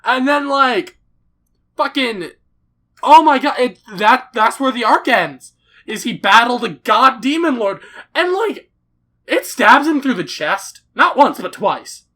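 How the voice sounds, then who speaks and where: A man giving a casual, excitable and profane anime recap, rambling as he goes. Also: extremely high pitch, slow pace. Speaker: anime reviewer.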